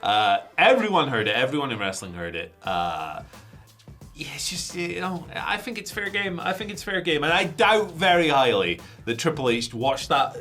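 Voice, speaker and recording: A man's voice: on the high side, big pitch swings, moderate pace, sharp tone, faint music behind. A man co-hosting a wrestling news show, chatting casually and rambling with jokes.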